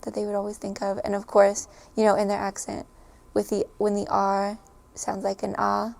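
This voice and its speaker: Woman, casual chat, giggly, lots of fillers, gravelly fry. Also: mid-range voice, monotone, moderate pace, a little mellow. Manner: chatty and giggly, many fillers. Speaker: storyteller recalling a stay abroad.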